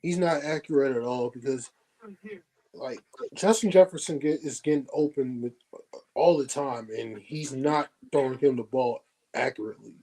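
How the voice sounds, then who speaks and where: A man's voice: medium pitch, normal speed, dark tone, rough recording. A man co-hosting a casual football podcast, breaking down plays and repeating his points dismissively. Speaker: podcast co-host. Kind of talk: casual sports podcast chat.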